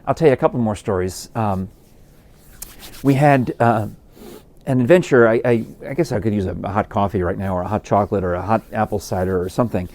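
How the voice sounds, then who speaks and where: A man's voice: fairly low pitch, fairly quick, a little mellow. A man hosting his podcast from a porch at home, telling amused, rambling stories with plenty of fillers. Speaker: podcast host. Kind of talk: casual storytelling.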